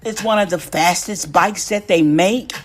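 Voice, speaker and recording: A woman's voice: fairly low pitch, measured pace. A woman quoting her casual, upbeat young daughter.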